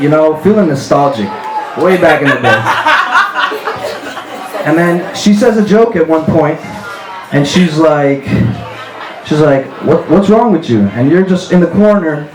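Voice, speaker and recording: A man doing crude, animated stand-up in a live club, his fairly high voice echoing around the room. The audience's laughter and murmur fill the space behind him. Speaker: stand-up comedian. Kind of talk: stand-up comedy set. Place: live comedy venue with audience. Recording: roomy live club recording with crowd.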